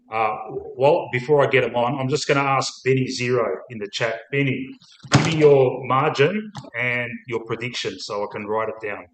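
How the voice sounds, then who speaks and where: A man with an Australian accent hosting a casual live stream, matey and quick to swear. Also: mid-range voice, slight background noise. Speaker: host. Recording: echoey room.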